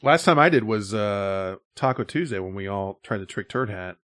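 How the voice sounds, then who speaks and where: His voice is on the low side but fairly bright and expressive, at a moderate pace, captured dry with clean studio sound. Hosting a casual podcast, this man rambles through filler-heavy setups for his stories.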